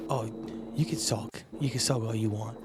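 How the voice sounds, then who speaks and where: A man's voice: fairly low pitch, fairly even intonation, moderate pace, slight background noise. A man playing a tabletop role-playing game, bantering and teasing the other players. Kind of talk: casual tabletop role-play.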